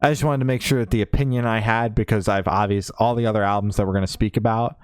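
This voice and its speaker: A man's voice: lowish voice, fairly even intonation, fast, clean tone, no echo, clean studio sound. A man co-hosting a music podcast, chatting casually about new albums, laid-back and swearing freely with lots of fillers and restarts. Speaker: podcast co-host. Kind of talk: casual music review chat.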